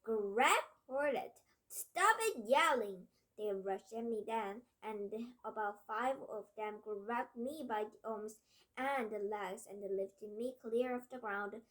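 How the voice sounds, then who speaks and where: A woman's voice: medium pitch, steady tone, slow pace. A woman reading a children's novel aloud in an earnest tone, with small stumbles and restarts. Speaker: reader. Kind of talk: storybook read-aloud.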